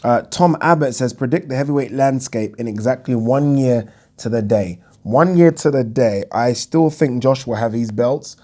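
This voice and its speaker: A boxing YouTube host runs his own casual Q&A chat, answering viewer questions frankly and ramblingly with many ums. His mid-range voice is warm and moves at a moderate pace.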